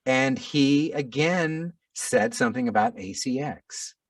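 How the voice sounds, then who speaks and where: A middle-aged man, an audiobook narrator, telling a story in a casual interview, animated and self-deprecating with frequent restarts. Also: medium pitch, slow pace, no room sound, recorded from a distance.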